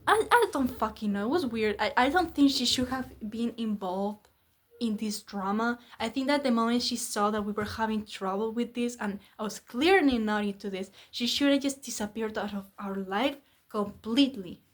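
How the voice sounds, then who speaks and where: A woman's voice: fairly high pitch, normal speed. Rambling, candid young woman vlogger. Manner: rambling, candid, swears freely. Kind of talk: casual confessional vlog.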